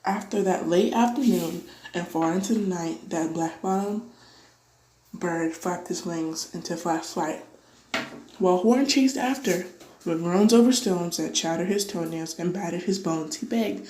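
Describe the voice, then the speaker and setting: A woman reading a children's storybook aloud, giving the characters livelier, higher voices. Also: unhurried, reverberant, a little hiss or hum, rough recording. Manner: lively, voices dialogue with pitch jumps. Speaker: audiobook reader. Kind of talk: read-aloud storybook narration.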